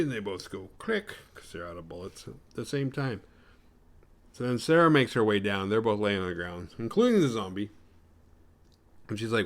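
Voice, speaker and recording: A man recapping a horror film for his show, swearing casually and jumping into quick voices for the characters. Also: lowish voice. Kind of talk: casual comedic retelling.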